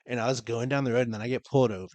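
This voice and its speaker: A man's voice: mid-range voice, fairly even intonation, very fast, darkish tone, dry recording. A young man co-hosting a podcast, casually telling a profane story and laughing as he goes. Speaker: podcast co-host. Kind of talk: casual chat. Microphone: podcast mic.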